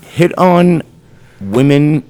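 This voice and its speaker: A laid-back man chatting on a podcast, his voice rising and falling a lot as he tells a story. He drawls through his answers in a relaxed, unhurried way. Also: a little high, clear, resonant tone, faint music behind. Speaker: guest answering listener questions. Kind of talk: casual podcast chat.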